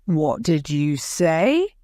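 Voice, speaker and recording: A woman's voice: low-pitched, sing-song, drawn-out words, dark tone, dry recording, clean studio sound, exaggerated voice. A woman voicing a male defence lawyer who questions a witness firmly. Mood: probing. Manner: firm, probing questions.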